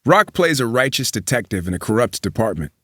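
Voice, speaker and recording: A man reads a long magazine profile aloud for a news program, keeping a measured, even pace. His voice sits at a middle pitch. The sound is dry and close. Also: slightly rough, no echo. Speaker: news reader.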